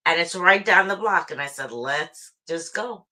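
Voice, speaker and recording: A woman with a New York accent chats easily on a live stream, running through her day. Her voice is on the low side for a woman but sounds bright and forceful. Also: expressive, unhurried. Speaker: guest. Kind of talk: casual live-stream chat.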